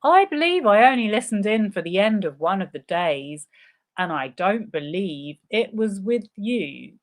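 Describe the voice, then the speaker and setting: A woman's voice: medium pitch, big pitch swings, measured pace. A woman live-streaming a reading of a legal deposition, voicing the questions and answers herself and breaking in with sarcastic asides. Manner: reads several parts in turn, interjects sarcastic asides. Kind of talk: live dramatic reading with commentary.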